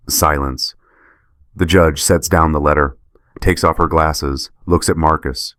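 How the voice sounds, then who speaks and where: A man's voice: rumbling low, fairly even intonation, measured pace, a bit bright, no echo, studio quality. A man narrating a scripted first-person story in short, clipped sentences.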